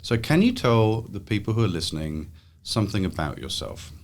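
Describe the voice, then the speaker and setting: A man from England with an English accent hosts a relaxed interview, speaking gently and coaxingly. He often ends his questions with friendly tag questions. A faint hiss sits under his voice. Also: lowish voice, moderate pace. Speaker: podcast host interviewing his daughter.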